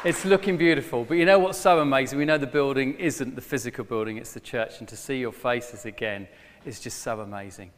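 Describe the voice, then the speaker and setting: A middle-aged man preaching a sermon to his former church, telling a story with lively bursts when he plays a character. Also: mid-range voice, fairly quick, a faint crowd, slight background noise. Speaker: former pastor, guest preacher. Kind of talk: sermon with a joke. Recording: long hall reverb.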